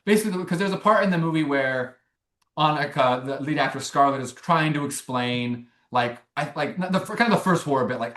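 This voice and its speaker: Young man, interview guest, animated, restarts a lot, slightly high voice, roomy echo. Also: fairly quick. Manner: rambling, animated, many restarts and fillers. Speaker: filmmaker guest. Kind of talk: casual interview storytelling.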